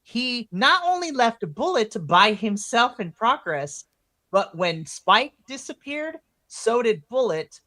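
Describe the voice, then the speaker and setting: A woman co-hosting a podcast, recapping wrestling in casual, excitable chat that swings into loud, animated retellings. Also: fairly low pitch, no echo. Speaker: podcast co-host.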